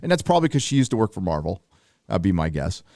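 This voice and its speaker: A man's voice: low-pitched, sing-song, fast talker, vocal fry, a little mellow, no room sound, clean studio sound. A man co-hosting a casual video call chat, talking in a hesitant way with many fillers. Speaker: podcast co-host.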